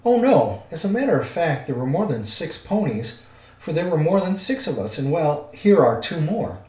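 A man's voice: on the high side, very animated, moderate pace, darkish tone, pitched above the performer's own voice. A man voicing a polite, crafty old male wizard, coaxing and careful, in a roomy recording. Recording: roomy echo.

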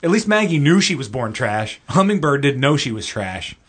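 A man's voice: mid-range voice, big pitch swings, moderate pace, fairly bright tone. Man, podcast co-host, swears freely and riffs on films, faint hiss behind. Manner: profane, joking, riffing. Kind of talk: casual movie-review chat.

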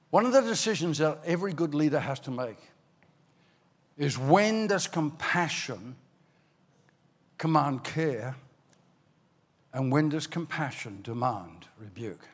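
An older man from Ireland, preaching a sermon as a pastor, telling stories with animated bursts into shouting. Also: fairly high pitch. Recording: long hall reverb.

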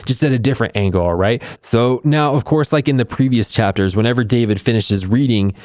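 A man hosts a music production channel, reading a motivational text and speaking with emphatic, fired-up energy. His voice sits at a middle pitch. The recording is dry and close. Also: a little fast, darkish tone, no echo. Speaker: host.

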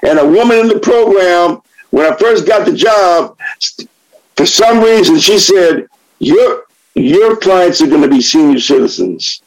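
Blunt, profane man, high and unhurried. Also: lively intonation, low-quality recording. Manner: blunt, profane, impassioned, preachy. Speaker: recovering alcoholic sharing at a meeting. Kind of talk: spoken share.

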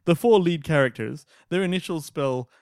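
A man co-hosting a casual film chat, excitable and swearing freely, often trailing off mid-sentence. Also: fairly high pitch, normal speed, clean tone, no echo, studio quality. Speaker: podcast co-host.

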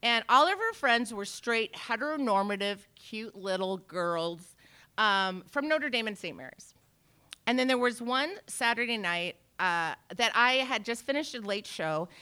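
A woman in her forties telling a brash, profane stand-up story, swinging from low mutters to shouts. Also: lively intonation, moderate pace, smooth. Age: 40s. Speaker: stand-up comedian.

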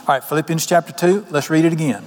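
Here a pastor with a slightly high, darkish voice preaches at a quick pace. He's a folksy storyteller, spinning homespun tales, quoting people in voices, and asking his congregation questions. The sound has a long hall reverb.

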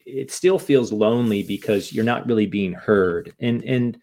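A man's voice: on the low side, unhurried, a little mellow. A man from the United States, a guest and author, talking frankly and emotionally in an interview, swearing now and then and often restarting his sentences. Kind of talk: candid interview conversation.

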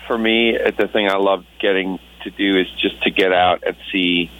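Earnest reflective man, lower voice. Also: fairly even intonation, normal speed, fairly bright tone, poor audio. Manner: earnest and reflective, with many restarts. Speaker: Christian musician guest. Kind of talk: casual radio interview.

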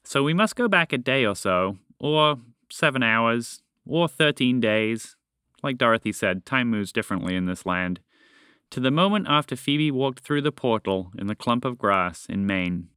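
A man reading a children's storybook aloud, animated and speaking directly to the listener. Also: medium pitch, normal speed, clear, resonant tone, dry recording, clean studio sound.

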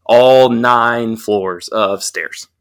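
Young male podcaster, loose profane storyteller, mid-pitched everyday voice. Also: extremely slow, clear, resonant tone. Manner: profane, animated anecdote telling. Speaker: podcast co-host. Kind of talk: casual storytelling.

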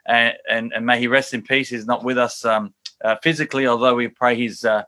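A man hosting a live interview in a halting, affirming way. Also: medium pitch, fairly even intonation, sharp tone. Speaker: interview host.

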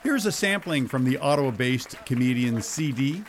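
A man's voice: medium pitch, lively intonation, moderate pace, heavy background noise. A man hosting a podcast, introducing a comedian in a friendly, plain way. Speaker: podcast host.

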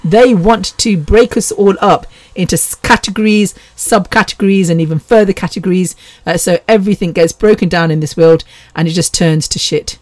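This middle-aged Englishwoman, with a British accent and a lowish, darkish voice, hosts a casual solo podcast. She rambles at normal speed with few pauses, laughs a lot and swears freely. There's no echo.

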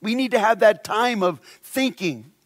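A man preaching a sermon, animated and humorous, acting out the voices of people in his stories. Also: high voice, unhurried. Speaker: pastor.

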